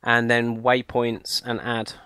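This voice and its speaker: A man's voice: mid-range voice, completely flat delivery, slow, pushed and bright, clear, resonant tone, dry recording. A man co-hosting a casual game let's-play, teasing his friend with mock insults. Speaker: co-host in a Minecraft let's-play. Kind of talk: casual gaming chat.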